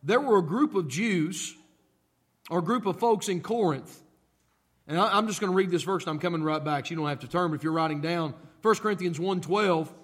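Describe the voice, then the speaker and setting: A man's voice: high voice, a little fast. A male pastor preaching a sermon, emphatic, repeating phrases and asking the congregation questions.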